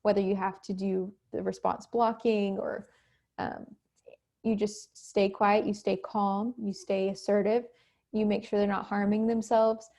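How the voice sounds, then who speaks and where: Female instructor with a warm, relaxed tone, recorded at home on a computer mic, acting out short examples. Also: mid-range voice, gravelly. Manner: conversational, acts out quick examples. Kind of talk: recorded online lecture. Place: home, cat nearby.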